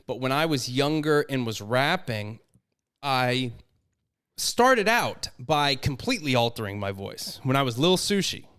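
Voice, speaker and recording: A young man co-hosting a podcast in casual chat, rambling and self-deprecating, with high tones he can drop low, talking into a studio mic in his apartment. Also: animated, a little slow, a bit bright, smooth. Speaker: podcast co-host and editor. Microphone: studio microphone with headphones.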